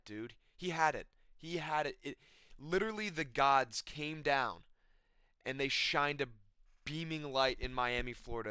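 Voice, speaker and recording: A man's voice: a little high, bright, forceful tone, clear, resonant tone, no echo, studio quality. A young man on his own channel, ranting about a fight in an exasperated, swearing way and repeating himself. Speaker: MMA commentator. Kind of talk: emotional rant. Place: his apartment.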